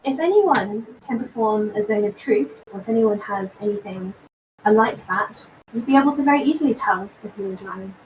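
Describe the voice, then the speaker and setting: A woman's voice: mid-range voice, animated, moderate pace, far from the mic, a little hiss or hum, poor audio. A woman playing her character in a tabletop game, arguing boldly with the crowd. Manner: bold, argumentative in character. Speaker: player.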